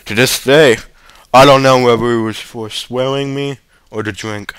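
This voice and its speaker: A man reading a short story aloud as narrator, steady with occasional small stumbles. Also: medium pitch, moderate pace, clear, resonant tone, no room sound. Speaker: story reader.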